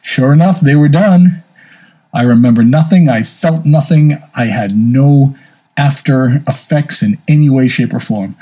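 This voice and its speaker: A man's voice: medium pitch, measured pace, warm tone, slightly rough, poor audio. A man in his fifties talking candidly and casually, telling a personal story and giving advice. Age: 50s. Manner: candid, storytelling, self-deprecating. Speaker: speaker sharing health advice.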